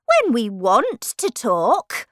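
A proud, bossy talking tiger lily, put on by a woman reading a storybook. The flower speaks slowly and loudly in a high, swooping voice with a lofty, haughty air. The sound is close and dry. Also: wildly swooping pitch, dry recording, full character voice. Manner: slow, loud, haughty delivery.

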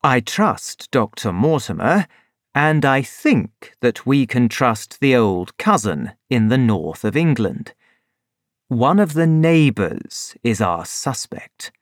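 A man voicing a calm, shrewd middle-aged detective in a storybook reading, low and measured. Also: dry recording, clean studio sound. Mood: instructing.

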